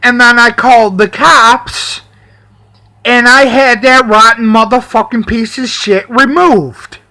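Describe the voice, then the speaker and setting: A man with an unusually high, bright voice, dragging each phrase out slowly as he vents. His tone is heated and full of curses, and he repeats himself as he builds up. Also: steady tone. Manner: profane, heated, drawn-out delivery. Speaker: vlogger. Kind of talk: angry personal rant.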